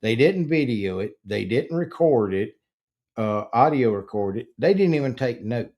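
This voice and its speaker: A middle-aged man, hosting a casual true-crime talk show, who tells the story slowly and with emphasis, restarting sentences and growing indignant. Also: mid-range voice, lively intonation, darkish tone. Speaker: podcast host.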